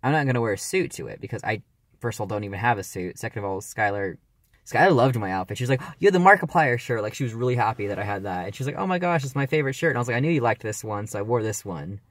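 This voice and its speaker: A man's voice: fairly low pitch, very fast, no room sound. A man in his early twenties talking casually in a personal vlog, rambling and hesitant with lots of fillers. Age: early 20s. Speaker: vlogger.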